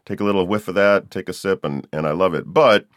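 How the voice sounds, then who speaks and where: A man with a very low voice hosts an easygoing interview, still getting over a cold. He asks questions with relaxed curiosity. The sound is dry and close, with no room echo. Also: fairly quick. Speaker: podcast host. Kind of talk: casual interview.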